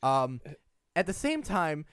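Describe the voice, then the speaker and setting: A man's voice: fairly high pitch, very animated, takes it slowly, smooth, no echo, clean studio sound. A man narrating as game master of a tabletop game, playful and rambling.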